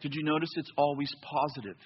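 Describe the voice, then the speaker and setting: A man preaching a sermon in a church, telling a story with lively back-and-forth dialogue. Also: on the high side, fast talker, breathy edge, lo-fi sound. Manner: animated storytelling, acts out both sides of dialogue. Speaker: pastor.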